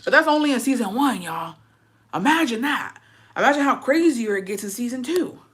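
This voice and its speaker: With a fairly high, brisk voice, a young woman vlogger gives a casual rundown of a show. She curses freely and brings the characters to life by acting out their lines in animated put-on quotes.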